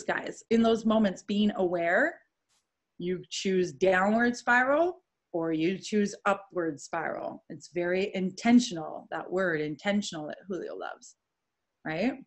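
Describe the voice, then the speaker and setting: A woman co-host speaking in an earnest, emphatic way in a casual motivational chat. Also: fairly low pitch. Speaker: podcast co-host.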